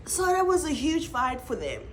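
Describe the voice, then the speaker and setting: A South African woman reviewing a reality show in a casual, animated way, laughing and exclaiming often. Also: high voice, moderate pace, slight background noise.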